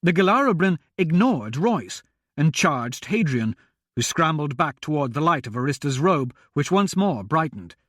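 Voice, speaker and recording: A man narrating a fantasy audiobook in a measured, expressive reading. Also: on the high side, no room sound, studio quality.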